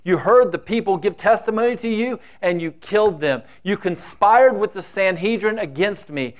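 A man's voice: sits high, normal speed. A man preaching a sermon, acting out the quoted voices with dramatic shifts. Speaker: pastor.

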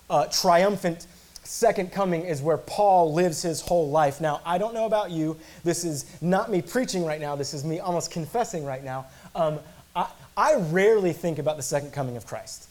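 A man's voice: on the high side, a little mellow. A male pastor preaching an earnest sermon, emphatic, repeating words and slipping in casual asides.

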